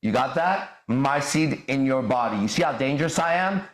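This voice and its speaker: Man, podcast host, ranting monologue, profane, aggressive, emphatic, middling pitch, echoey room. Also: expressive, normal speed.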